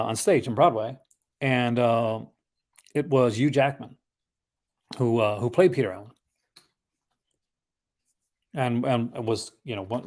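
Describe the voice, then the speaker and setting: During a laid-back live unboxing stream, a man rambles conversationally, adding enthusiastic asides about his film collection. His voice is medium-pitched and a little mellow.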